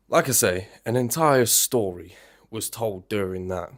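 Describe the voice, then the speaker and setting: A man hosting a music reaction video, chatting in an animated, rambling way and swearing freely. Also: fairly low pitch, unhurried. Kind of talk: casual reaction commentary.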